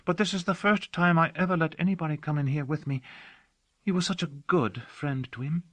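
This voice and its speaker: A man's voice: a little high, brisk, fairly bright tone, no room sound, pitched above the performer's own voice, lightly acted. A man reading an audiobook, voicing a devoted young female servant who talks earnestly and dotingly. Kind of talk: audiobook character voice.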